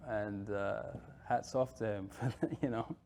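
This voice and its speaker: A man talks casually in an interview, often hesitating and restarting his sentences. His voice is somewhat low. A faint ambient hiss sits behind him. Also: fairly even intonation, a little slow, a little mellow. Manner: hesitant, with many fillers and restarts. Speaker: actor interviewee.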